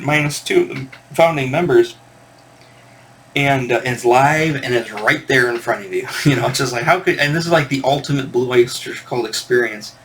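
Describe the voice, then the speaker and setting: A man's voice: medium pitch, a little hiss or hum. A man hosting a record collector channel, telling a rambling, digressive story in casual chat to camera.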